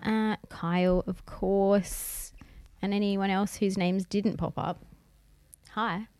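A woman's voice: medium pitch, steady tone, takes it slowly, a little mellow. A middle-aged woman with an Australian accent, co-hosting a casual live-streamed podcast and greeting viewers by name. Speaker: podcast co-host.

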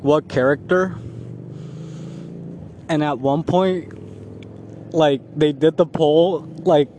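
Slow rambling man walking outdoors. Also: on the high side, slight background noise. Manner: rambling, laughs often, slow relaxed talk. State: high. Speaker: vlogger. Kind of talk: casual walking vlog. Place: outdoors on a street.

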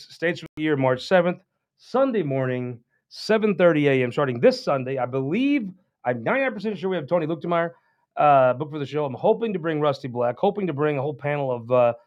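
A man's voice: medium pitch, dull audio. A man hosting a political show, giving a casual, rambling and folksy announcement with many restarts.

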